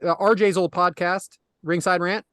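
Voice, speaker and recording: A man's voice: high voice, fairly even intonation, normal speed, fairly bright tone, dry recording. A man co-hosting a podcast, chatting casually, laughing often and reading out listener questions. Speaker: podcast co-host.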